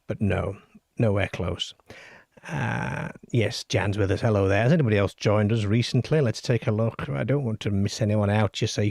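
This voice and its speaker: On his late-night call-in show about the paranormal, a middle-aged or older man reads listener letters and chats with the live stream, wry and self-deprecating throughout. His low, gravelly voice is a little mellow. The sound is dry, close-miked, and echo-free.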